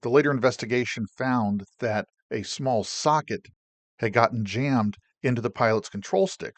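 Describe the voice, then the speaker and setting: A middle-aged man, a Navy veteran, casually retelling his own service stories with animated, emotional delivery. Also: medium pitch, dry recording. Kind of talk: casual personal storytelling.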